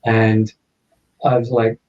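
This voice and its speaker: A man, a podcast guest, telling a personal story in an animated way and acting out the dialogue. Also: mid-range voice, slow pace. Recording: slightly dull lo-fi audio.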